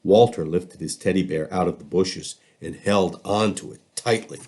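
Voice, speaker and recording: A man reading a children's storybook aloud, expressive and lively in his storytelling. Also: sits low, normal speed, hardly any pauses. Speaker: school district reader.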